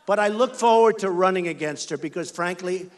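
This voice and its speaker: An American political candidate with a high-pitched voice, talking a little fast, gives an emphatic, repetitive campaign rally speech. He speaks into a stage microphone in a large indoor venue.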